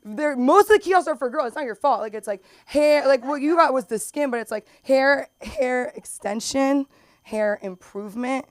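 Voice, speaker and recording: A young woman from Los Angeles with a Valley girl accent, doing open mic stand-up in a rambling, filler-heavy way that jumps into loud squeals. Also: high-pitched, moderate pace, hardly any pauses, no echo. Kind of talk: stand-up comedy. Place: comedy club.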